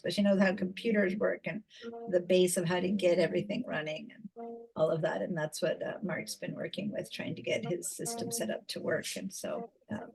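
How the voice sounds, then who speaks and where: A woman's voice: lowish voice, creaky, a little mellow, husky, low-quality recording. A woman teaching a design class over a video call, chatty, with many fillers and restarts. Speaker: design instructor. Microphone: computer mic on video call.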